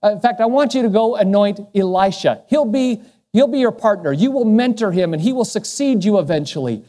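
A man voicing God as a calm, commanding presence reassuring a prophet in a slow, low, hushed way. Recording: long hall reverb.

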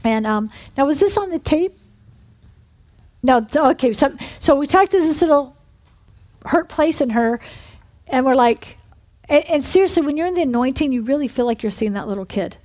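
A woman minister telling a story in a sermon, animated, breaking into shouted re-enactments. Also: sits high, moderate pace, pauses often. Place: church building.

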